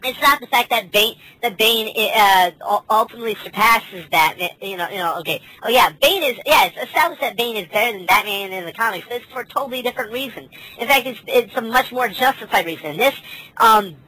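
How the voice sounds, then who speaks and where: A woman's voice: on the high side, expressive, brisk, pushed and bright, slightly rough, low-quality recording. A woman hosting a casual podcast chat, ranting with lots of swearing and stammered restarts. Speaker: podcast host.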